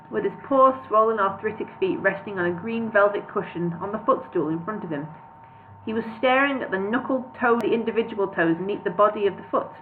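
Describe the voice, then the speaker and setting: A woman reading a book aloud in her flat, stumbling over words and breaking off for laughing asides. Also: medium pitch. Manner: reads with slips, laughs and casual asides. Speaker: audiobook reader. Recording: tinny phone-like sound with faint hiss.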